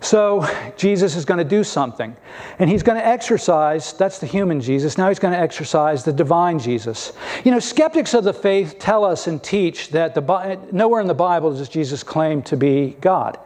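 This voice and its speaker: A man's voice: fairly high pitch, animated, moderate pace, a little mellow. A male pastor preaching a sermon in a conversational, emphatic way, asking many rhetorical questions.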